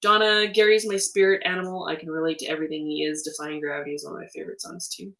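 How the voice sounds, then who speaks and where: A Canadian woman hosting a casual livestream from her home studio, reading viewer comments in a chatty, animated way with frequent laughs and ums. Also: deep voice, fast talker, distant mic. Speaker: livestream host, artist.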